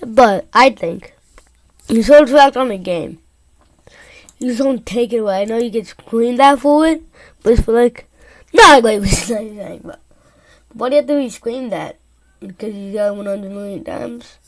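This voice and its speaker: Excitable rambling young-sounding woman. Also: on the high side, moderate pace, long pauses. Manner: excitable, rambling, loud outbursts. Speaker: reaction video host. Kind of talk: casual reaction commentary.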